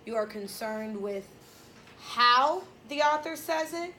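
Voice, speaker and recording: A woman teaching a high school English class, lecturing in a blunt, sassy, emphatic way. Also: lively intonation, slow pace, long pauses, bright, forceful tone, a little hiss or hum.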